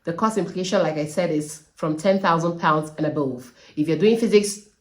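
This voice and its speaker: A trainee teacher vlogs casual question-and-answer advice in a low, brisk woman's voice. She sounds earnest and emphatic, repeats her key points, and laughs from time to time.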